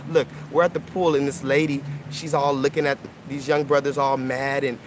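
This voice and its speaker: A man's voice: fairly high pitch, a little hiss or hum. A man in his thirties with an earnest, coaxing way of talking, who keeps checking in with "okay?" and "right?" while hosting a live stream outdoors by a pool and speaking into a phone. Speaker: livestream host. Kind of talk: casual live-stream talk with kids.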